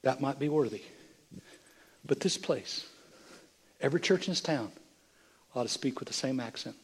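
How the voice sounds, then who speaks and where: An older man, a bishop, preaching a sermon with impassioned delivery that swings from hushed, near-whispered moments to loud, emphatic lines. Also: medium pitch, animated, normal speed, husky.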